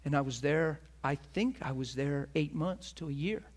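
A man's voice: fairly high pitch, animated, normal speed. A middle-aged man preaching a sermon as a pastor, telling a personal story earnestly and acting out the voices of the people in it.

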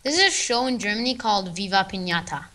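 A woman's voice: mid-range voice, expressive, quick pace, pushed and bright, slight background noise. A woman chatting casually while playing a game with friends, bubbly and given to squeals and chants. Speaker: gamer. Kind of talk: casual gaming chat.

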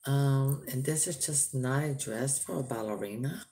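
A woman reviewing a doll in a chatty, rambling vlog, turning sharp when she scolds someone. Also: rumbling low, normal speed.

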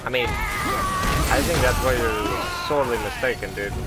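A man giving let's play commentary, trash-talking the screen in a playful way over loud game music. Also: mid-range voice, wildly swooping pitch, a little slow. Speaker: gamer.

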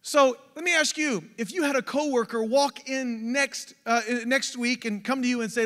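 A man preaching an energetic sermon, exhorting the congregation with rhetorical questions. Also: very high voice, normal speed, hardly any pauses. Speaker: pastor. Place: church sanctuary. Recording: long church hall reverb.

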